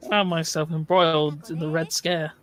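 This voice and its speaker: A woman's voice: deep voice, level tone, normal speed. A British woman doing casual gaming commentary, dry and sardonic, swearing casually. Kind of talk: casual let's-play chat.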